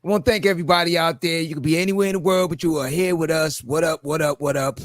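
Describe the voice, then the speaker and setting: A podcast host with a New York accent, speaking in a somewhat high voice. He chats loosely and laughs often, slipping into animated voices as he tells stories. The sound is dry and close. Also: fast, no room sound. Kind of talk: casual chat.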